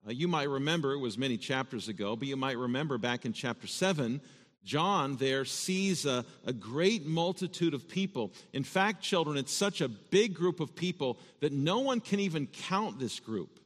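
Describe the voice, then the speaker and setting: A man's voice: mid-range voice, expressive, normal speed. A man as pastor reading scripture and preaching an earnest sermon, often repeating words as he stresses a point. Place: church sanctuary. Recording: long reverb of a church hall.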